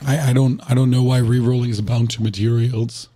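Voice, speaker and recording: A man's voice: medium pitch, level tone, a little fast, dark tone. A man who has lost his voice, chatting casually to viewers while streaming a game, rambling and asking them rhetorical questions. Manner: rambling, repeats himself, asks chat rhetorical questions.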